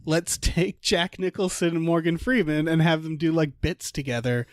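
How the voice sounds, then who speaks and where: A man's voice: a little high, normal speed, dry recording, clean studio sound. A man co-hosting a podcast in casual chat, rambling and laughing often, cursing now and then. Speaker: podcast co-host.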